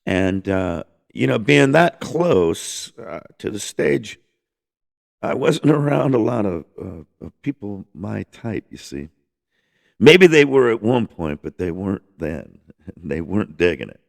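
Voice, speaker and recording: Low gravelly man, rambling music talk. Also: big pitch swings, unhurried. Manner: rambling, enthusiastic, swears freely, many restarts. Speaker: podcast host.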